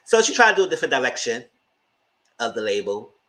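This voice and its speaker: A man gives a chatty, gossipy recap of a TV episode, his voice sitting at an ordinary middle pitch but swinging widely up and down. He swears freely and jumps into high, squealed reactions. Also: fast talker. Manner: animated, gossipy retelling with frequent swearing; breaks into high squealing exclamations. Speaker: TV show reviewer and channel host. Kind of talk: casual TV recap commentary.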